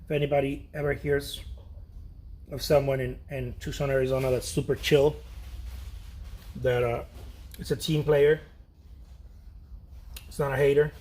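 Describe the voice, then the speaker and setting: A man's voice: medium pitch, level tone, a little slow, pauses often, darkish tone. A man chatting playfully and boastfully while he paints in his art studio, humming to himself between remarks. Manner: playful, boastful, hums and sings while working. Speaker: artist painting on a livestream. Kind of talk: casual chat while painting.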